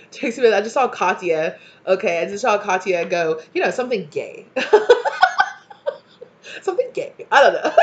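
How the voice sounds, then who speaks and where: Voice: medium pitch, dull audio. A tarot reader giving a casual collective reading, rambling through many fillers in an earnest, encouraging way. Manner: rambling, frequent fillers and "you know".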